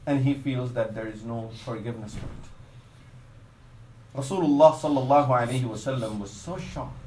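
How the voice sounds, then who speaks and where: Here the Islamic preacher's voice is medium-pitched, a little mellow, and moderately paced. The low-quality recording carries reverb and slight background noise as he mixes Arabic religious phrases into his English sermon, earnestly narrating a story and quieting down where it turns saddest.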